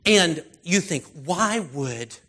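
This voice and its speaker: A man's voice: fairly high pitch, lively intonation, slow pace, bright, forceful tone. A middle-aged male pastor giving a sermon in a loose, conversational way, with many fillers and restarts.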